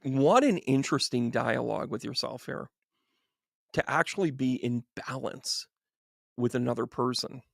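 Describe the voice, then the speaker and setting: A man with a gravelly voice giving a tarot reading on a live stream. He chats with viewers by name in an animated, chummy way and laughs often. The sound is dry and close. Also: medium pitch, normal speed, no room sound. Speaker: psychic medium reading tarot.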